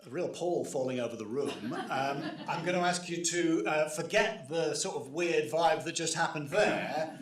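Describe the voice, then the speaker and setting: A man's voice: fairly high pitch, normal speed, crowd noise. A man hosting a conference stage, introducing speakers in a playful, rambling way with self-aware asides. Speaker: event host. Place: conference hall. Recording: echoey hall sound.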